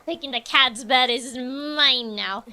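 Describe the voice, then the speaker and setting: A woman's voice: sits high, slow, sharp tone. A woman streamer giving casual let's-play commentary, chatty and thinking aloud.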